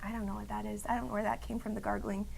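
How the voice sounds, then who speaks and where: A woman co-hosting a casual studio chat show, bubbly and teasing, her voice going hoarse. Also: medium pitch, little pitch movement, racing, a little mellow. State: losing her voice. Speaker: co-host.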